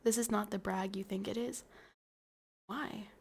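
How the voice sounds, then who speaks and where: A young woman streamer, tipsy from wine, rambles playfully to her viewers. Her voice is gravelly and husky, and she talks slowly, often sinking into soft mumbles. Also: mid-range voice, fairly even intonation. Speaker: livestream host. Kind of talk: casual chat to stream viewers.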